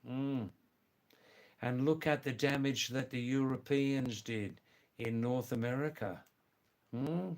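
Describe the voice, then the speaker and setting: Man, live-stream host, mid-pitched, seated, chatty with his viewers. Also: takes it slowly, pauses often. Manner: greets viewers by name, repeats exclamations. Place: seated indoors.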